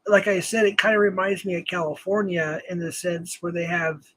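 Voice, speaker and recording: A man's voice: sits high, little pitch movement, a little fast, fairly bright tone, rough recording. A man from New Mexico hosting a casual live-stream chat, rambling with many fillers and self-corrections and chuckling often. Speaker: host.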